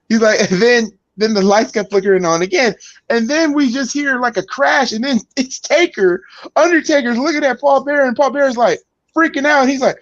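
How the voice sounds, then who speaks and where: A man's voice: high-pitched, moderate pace, no room sound. A man hosting a podcast, chatting casually about wrestling and acting out the wrestlers' lines as he tells the stories. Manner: animated storyteller, acts out wrestlers' lines with big voice swings. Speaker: podcast host. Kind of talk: casual wrestling recap chat. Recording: dull lo-fi sound.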